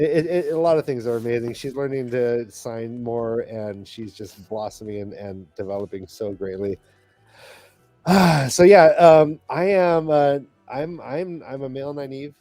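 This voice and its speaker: A middle-aged man co-hosting a podcast, speaking in halting, heartfelt restarts while holding back tears. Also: mid-range voice, dark tone, dry recording. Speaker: podcast co-host. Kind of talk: casual panel chat.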